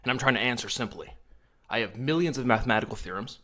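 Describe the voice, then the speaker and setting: A man's voice: medium pitch, fast talker, bright, forceful tone. A man speaking straight to camera in a vlog, complaining in an agitated, accusatory way. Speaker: vlogger.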